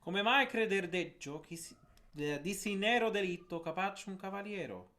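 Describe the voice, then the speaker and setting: A man's voice: high voice, expressive, bright, forceful tone. A man, a tenor student in a voice lesson, answering briefly and reading and singing lines. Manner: brief agreeing replies, reads and sings slowly.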